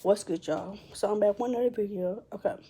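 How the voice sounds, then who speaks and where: A young woman talking to her vlog camera, halting and restarting as she fights back tears. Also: mid-range voice, mellow, slightly rough. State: tearful. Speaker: vlogger. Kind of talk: emotional personal vlog.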